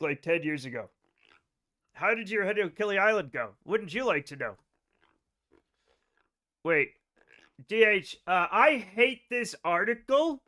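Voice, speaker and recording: A man streaming a space game live, chatting excitedly with his viewers and swearing when things go wrong. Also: high voice. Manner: excitable, swears when frustrated, reads chat aloud. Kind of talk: live gaming stream chat.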